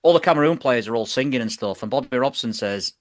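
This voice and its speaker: A man's voice: mid-range voice, animated, fast talker. A British man co-hosting a podcast, telling football stories in an enthusiastic, rambling way. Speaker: podcast co-host. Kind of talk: casual chat.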